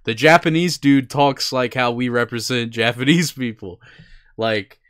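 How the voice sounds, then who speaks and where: Smooth-voiced young man chatting casually. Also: medium pitch, measured pace, fairly bright tone. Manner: laid-back, swears casually, rambling with fillers. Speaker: podcast co-host. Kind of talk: casual chat.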